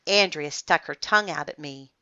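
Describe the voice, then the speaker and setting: A woman reading a children's book aloud in a playful, expressive way. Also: low voice, normal speed, lo-fi sound. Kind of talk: storybook read-aloud.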